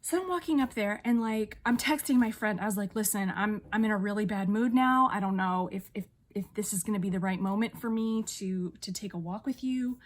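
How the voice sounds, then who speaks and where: A young woman vlogger telling an angry story, still riled up, swearing and animated as she retells it. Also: mid-range voice, fairly quick, hardly any pauses. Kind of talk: emotional vlog storytelling.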